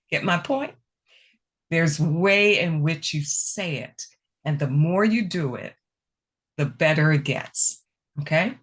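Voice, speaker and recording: A woman presenting a speaking workshop, answering questions in a conversational, emphatic way over a video call. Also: slow. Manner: conversational, animated pitch, repeats key phrases.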